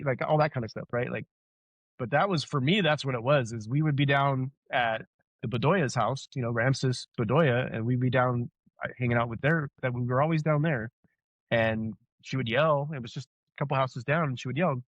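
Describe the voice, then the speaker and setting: A man in his thirties from Southern California, co-hosting a casual podcast and telling nostalgic stories with lively voiced quotes. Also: mid-range voice, moderate pace, dry recording. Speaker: podcast co-host. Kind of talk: casual chat. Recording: dull, dry podcast audio.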